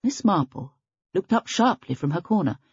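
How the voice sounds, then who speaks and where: Woman narrator, low and husky voice, lively pitch, dry and dull lo-fi recording. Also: moderate pace, dry recording. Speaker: audiobook narrator. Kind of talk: scripted narration.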